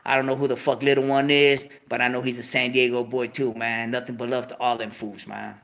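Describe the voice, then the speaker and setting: A man hosting his own show, ranting casually to viewers in street slang, cursing heavily, with animated outbursts. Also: mid-range voice, brisk. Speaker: show host. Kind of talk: casual profane rant to viewers.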